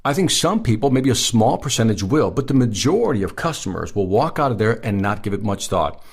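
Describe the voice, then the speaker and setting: A man's voice: lowish voice, very animated, brisk, vocal fry, husky. A man hosting a sales advice podcast, speaking emphatically and repeating his key points. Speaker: podcast host.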